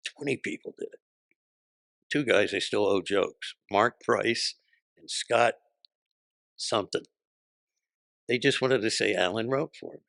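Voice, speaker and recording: A man's voice: on the low side, unhurried, creaky, pauses often, fairly bright tone, no room sound. An older man, a comedian guest, telling punchy, profane anecdotes and acting out voices in an interview. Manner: punchy, profane, acts out voices in his stories.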